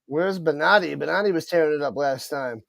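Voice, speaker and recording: A man's voice: on the high side, brisk, creaky, dry recording. A man streaming live play-by-play of a football game, talking to his chat and tripping over unfamiliar player names. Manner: excited commentary, chats with viewers, stumbles over names.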